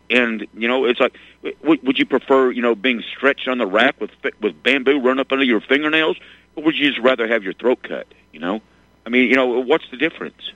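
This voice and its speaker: A man's voice: medium pitch, a little fast, fairly bright tone, dry recording. A man co-hosting a talk radio show, talking casually with frequent stammers and repeated words, sounding exasperated. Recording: dull lo-fi line.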